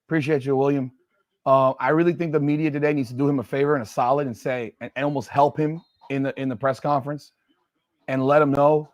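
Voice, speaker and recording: A man's voice: a little high, no room sound. A man hosting a live football watch party, reacting to plays and ranting about rankings. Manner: excitable sports fan talk with repetitions, shouting at plays. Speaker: host of a sports live stream.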